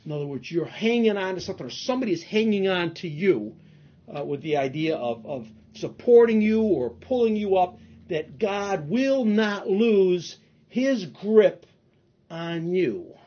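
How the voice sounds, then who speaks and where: A man with a husky, slightly high voice preaches a teaching sermon. He stresses points by repeating phrases. The recording sounds dull and lo-fi. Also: lively intonation, moderate pace, dark tone. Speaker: pastor leading a Bible study.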